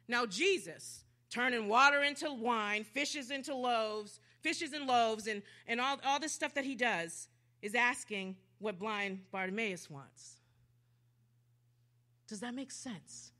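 A woman preacher giving a sermon, swinging dramatically from hushed to loud. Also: fairly high pitch, unhurried.

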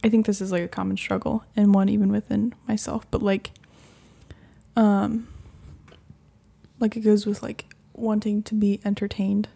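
A woman co-hosting a casual faith chat, speaking haltingly with many ums and filler words. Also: mid-range voice, little pitch movement, vocal fry, mellow, slightly rough. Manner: hesitant, halting with ums and likes.

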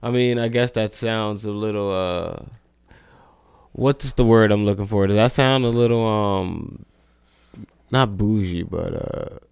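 A young man from New Jersey co-hosts a casual podcast in a smooth, fairly low voice, rambling and cursing freely. He stacks up "like" and restarts his sentences as he talks. The sound is close and dry. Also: measured pace, a little mellow, no echo. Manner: loose and profane, full of "like" and restarts. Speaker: podcast co-host.

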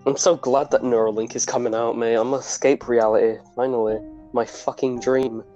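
A man co-hosting a casual podcast who swears a lot and reacts loudly to the news. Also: medium pitch, flat delivery, fairly quick, highs cut off, faint music behind. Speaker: podcast co-host.

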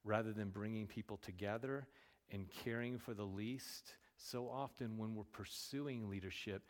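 A man preaching a sermon, animated and full of rhetorical questions. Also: lowish voice, normal speed. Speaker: pastor. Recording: long hall reverb.

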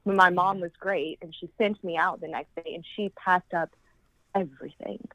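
A woman's voice: fairly even intonation, normal speed, bright, forceful tone, no room sound, rough recording. A grieving woman guest on a podcast, telling her story in a rambling way and acting out the voices of people she quotes. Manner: rambling, acts out quoted voices with big jumps in pitch. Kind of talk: casual conversational storytelling.

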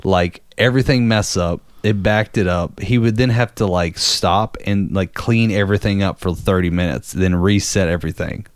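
A man in casual conversation, telling a story and acting out the people in it with loud, high-pitched quotes. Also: normal speed, few pauses, smooth, no room sound, clean studio sound. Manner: animated, acts out quotes with loud high voices.

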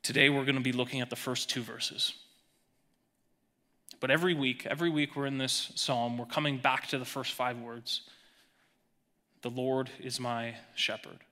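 A man preaching a sermon as pastor, emphatic, swinging between raised emphasis and hushed lines. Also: mid-range voice, steady tone, moderate pace, pauses often.

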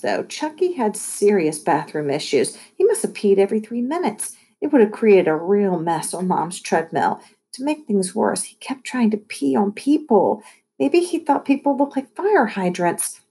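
Female storyteller, husky and warm, lively children's book narration. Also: medium pitch. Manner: lively storytelling with voiced asides. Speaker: audiobook reader. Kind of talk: reading a children's chapter book aloud.

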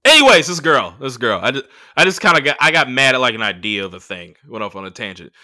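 Animated profane man telling stories. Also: medium pitch, fast talker. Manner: profane, animated, acts out quoted voices. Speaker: podcast host. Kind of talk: casual storytelling monologue.

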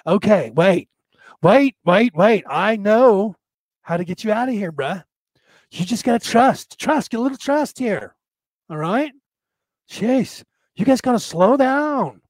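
A loose, slangy young surfer dude drawls out lazy advice, as a man puts him on. His voice is fairly high and unhurried. The sound is dry with no room echo. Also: animated, a little mellow. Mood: laid-back. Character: laid-back young male surfer dude.

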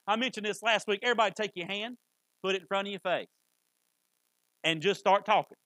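A man's voice: high voice, a little fast, pushed and bright, no room sound, poor audio. A man preaching a sermon, fervent and emphatic, repeating key phrases for weight. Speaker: pastor.

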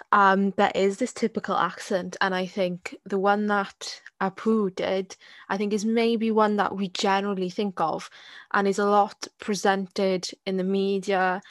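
A woman's voice: mid-range voice, no echo. A woman co-hosting a casual discussion podcast, talking in a hesitant way with many restarts and repeated words. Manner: hesitant, repeats words, frequent "you get what I mean". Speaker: podcast co-host.

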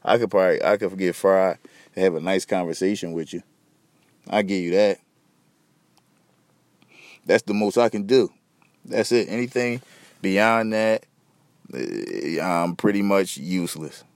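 A man's voice: low-pitched, measured pace, long pauses, dry recording. A young man hosting a podcast, rambling in loose, slangy, profane casual chat. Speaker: podcast host.

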